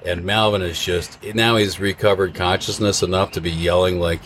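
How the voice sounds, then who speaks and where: Low-voiced man telling a rowdy story. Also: brisk, hardly any pauses. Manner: animated storyteller who acts out other people. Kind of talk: casual chat, anecdote. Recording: faint background noise.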